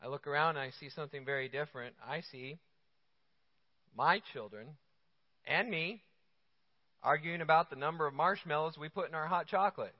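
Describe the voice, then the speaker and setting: A man's voice: on the high side, fairly quick. A man preaching a sermon as a pastor, conversational and joking, full of rhetorical questions. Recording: dull lo-fi sound with long hall reverb.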